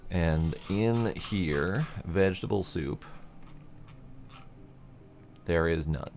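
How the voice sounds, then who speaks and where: A man with a deep, low-pitched voice talks through a video game as he plays, musing aloud in an easygoing way and letting a mild curse slip now and then. A faint hiss sits under his voice. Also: very slow, darkish tone. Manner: thinking aloud, casual, mild swearing. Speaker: gameplay commentator. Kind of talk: let's play commentary.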